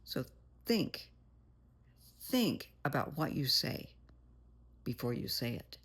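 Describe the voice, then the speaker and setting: A woman's voice: rumbling low, sing-song, unhurried, a bit bright, slightly rough. A woman therapist giving blunt, plain-spoken advice in a monologue, calling the listener "honey". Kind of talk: motivational monologue.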